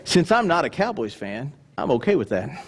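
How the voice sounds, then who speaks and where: Male pastor, high-pitched voice, emphatic sermon delivery, mocks grudging givers in low asides. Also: very animated, moderate pace, breathy edge. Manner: emphatic preaching with wide swings between loud and hushed; mimics grudging churchgoers in low mocking asides.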